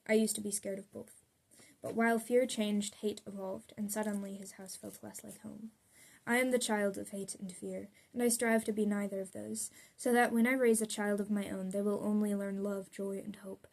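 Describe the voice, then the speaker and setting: A woman's voice: medium pitch, little pitch movement, moderate pace, vocal fry, a little mellow. A young adult woman reading her own poems aloud in an earnest, confessional way. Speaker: poet.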